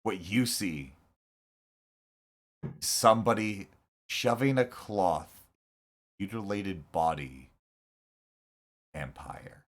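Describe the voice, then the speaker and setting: A man's voice: low-pitched, lively intonation, drawn-out words, long pauses. A man narrating as game master of a tabletop game, loose and joking. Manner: laughs often, loose and joking.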